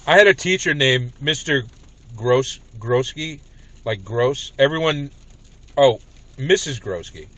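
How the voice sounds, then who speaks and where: A man's voice: mid-range voice, expressive, slow, bright, forceful tone. A man hosting a comedy livestream, chatting in a rambling way to viewers about his school days. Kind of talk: casual livestream chat.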